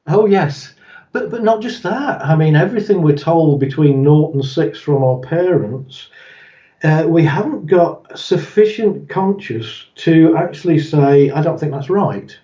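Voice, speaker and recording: A man's voice: a little high, a little slow, dark tone. A man, a guest in an interview, explaining ideas through stories, chuckling often and acting out the voices he quotes. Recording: roomy, distant, dull sound.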